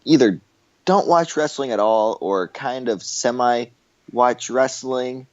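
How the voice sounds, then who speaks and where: A man's voice: mid-range voice, slow, a little mellow, highs cut off. A man from Canada, co-hosting a podcast in laid-back, rambling casual chat. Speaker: podcast co-host.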